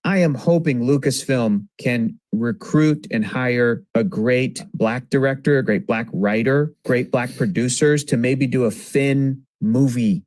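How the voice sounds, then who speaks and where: A man's voice: mid-range voice, measured pace, darkish tone. Earnest man in a played clip.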